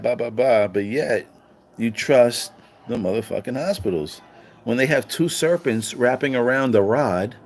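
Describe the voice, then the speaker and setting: A man giving a casual livestream monologue, animated and profane, firing off rhetorical questions and acting out quoted voices. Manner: acts out quoted voices with higher pitch. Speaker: online commentator.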